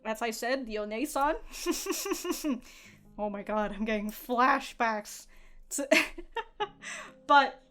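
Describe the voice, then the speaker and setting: A woman's voice: on the high side, lively intonation, slow, long pauses, a bit bright. A young woman hosting an anime reaction, chatting casually, laughing often, swearing freely and restarting her sentences.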